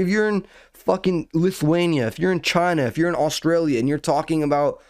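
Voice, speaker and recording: A man's voice: fairly high pitch, brisk, no echo. Profane young man telling a rambling story. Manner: profane, rambling, slangy, rising to animated outrage. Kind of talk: casual storytelling.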